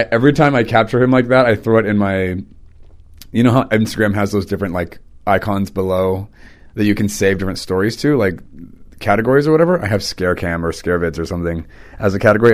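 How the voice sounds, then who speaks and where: Guy hosting his podcast, kinda low voice, rambly casual storytelling. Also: darkish tone. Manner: chatty storytelling, loose and rambling. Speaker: podcast host; teacher and preacher.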